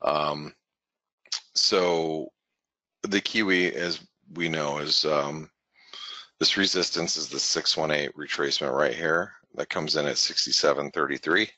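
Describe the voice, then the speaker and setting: A man's voice: extremely low pitch, fairly even intonation, a little slow, sharp tone, dry recording. A man hosting a webinar, giving casual live market commentary in a rambling way that keeps correcting itself and restarting. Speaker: forex market analyst, webinar host.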